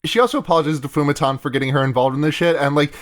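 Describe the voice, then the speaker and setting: A man's voice: on the high side, very fast. A man co-hosting a podcast, chatting casually about anime, rambling and laughing often. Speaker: podcast co-host.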